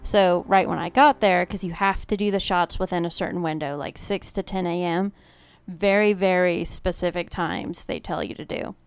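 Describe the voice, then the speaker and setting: A woman's voice: lowish voice, fairly even intonation, moderate pace, clear, resonant tone, no room sound. A woman co-hosting a podcast, telling a personal story in a chatty, casual way with lots of filler words. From Oklahoma. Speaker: podcast co-host. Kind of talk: casual chat.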